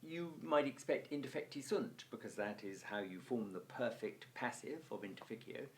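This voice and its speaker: A man's voice: medium pitch, normal speed. A man teaching a Latin lesson, reading phrases aloud and translating them bit by bit with chatty, lightly humorous asides. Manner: chatty asides with gentle humour. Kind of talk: recorded language lesson, translating line by line.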